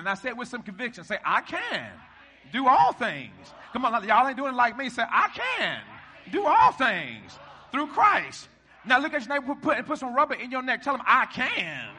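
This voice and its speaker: A middle-aged man preaching a sermon to a congregation, leading call-and-response and rising to shouts. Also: high-pitched, slightly rough. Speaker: pastor. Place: church hall before a congregation.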